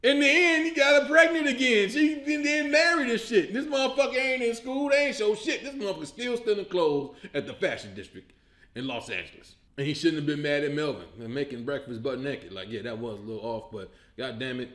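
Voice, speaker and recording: Comedian host from Illinois, male, high voice, loud profane incredulous rant, echoey room. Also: fairly quick. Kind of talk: animated comedic movie rant.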